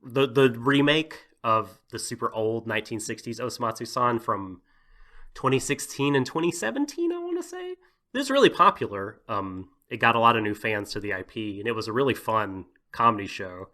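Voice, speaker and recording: A man's voice: medium pitch, expressive, normal speed, bright, forceful tone. A man co-hosting a podcast, talking casually in a rambling way with lots of "like" and "you know" and frequent laughter. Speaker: podcast co-host.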